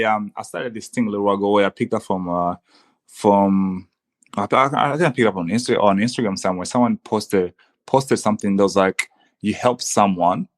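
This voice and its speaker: An earnest young man with a fairly low voice, talking in a relaxed podcast conversation. He speaks with enthusiasm, often restarting his sentences and calling the host "dude." It sounds like an easygoing chat between friends. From Congo. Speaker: guest. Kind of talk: casual conversation.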